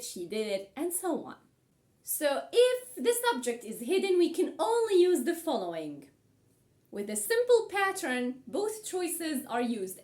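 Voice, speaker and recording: A woman's voice: high voice, darkish tone. A woman with a Levantine Arabic accent teaching an online language lesson, emphatic and repeating her key points.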